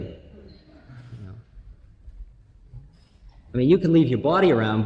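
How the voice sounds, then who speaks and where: A man's voice: medium pitch, sing-song, vocal fry, mellow, lo-fi sound. Man giving a humorous spiritual talk in a hall. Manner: rambling, humorous storytelling with laughs and slow drawn-out phrases. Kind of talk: informal spiritual talk to an audience. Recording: reverberant hall, faint noise.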